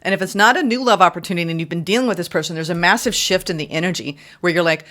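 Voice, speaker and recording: A woman's voice: racing, few pauses, fairly bright tone. A woman giving a casual, chatty tarot reading, exclaiming often and acting out little quoted exchanges. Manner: chatty, exclaiming, acts out quotes in high voices. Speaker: tarot reader.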